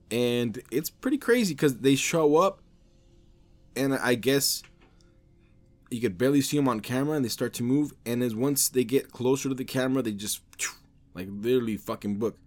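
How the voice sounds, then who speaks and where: A man's voice: mid-range voice, moderate pace, a little mellow. A man hosting a podcast, talking in a casual, rambling, offhand way with heavy swearing. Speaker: podcast host.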